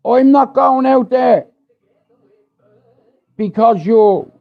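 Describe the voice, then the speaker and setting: A man's voice: very high-pitched, extremely slow, gravelly. An Irish man hosting a livestream, ranting in a blunt, profane, rambling way. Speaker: livestream host. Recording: dull lo-fi stream audio.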